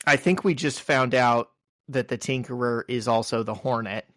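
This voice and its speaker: A man's voice: medium pitch, moderate pace, fairly bright tone, dry recording. Brief: male co-host, dry quips, mid voice, close dead mic. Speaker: podcast co-host. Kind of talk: casual comic book podcast chat.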